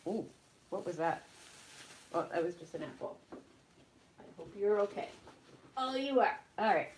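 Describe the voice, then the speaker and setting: A Canadian vlogger in her thirties chats casually on a live vlog while unpacking groceries at home, moving between rooms. Her mid-range voice is animated and unhurried as she rambles and apologizes often in a self-deprecating way, with slight background noise.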